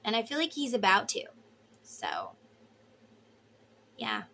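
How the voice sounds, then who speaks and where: A woman's voice: a little high, huge pitch swings, slow, pushed and bright, slight background noise. A woman giving a casual tarot reading to her viewers, emotive and chatty, with the odd swear word. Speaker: tarot reader.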